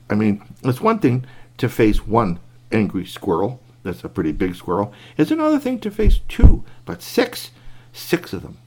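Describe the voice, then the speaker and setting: A man telling a bedtime story to a child, animated, with sound effects and asides to the listener. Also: lowish voice.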